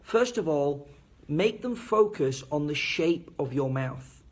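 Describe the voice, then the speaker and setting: A man teaching fellow teachers at a board, speaking clearly and enunciating each syllable as he demonstrates. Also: fairly high pitch, expressive, slow. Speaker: English teacher. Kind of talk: teacher training lesson at a board.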